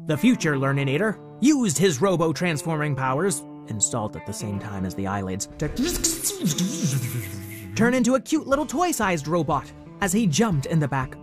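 A man tells a children's story playfully, his pitch swinging in wide, lively arcs over a fairly high voice. Soft music runs quietly underneath. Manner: playful, animated.

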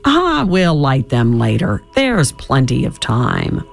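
A man's voice: mid-range voice, huge pitch swings, slow pace, vocal fry, soft background music, heavily acted. A man doing a sly, cheerful trickster. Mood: coaxing. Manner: bright, coaxing and playful. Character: clever, cheerful Jewish man tricking goblins.

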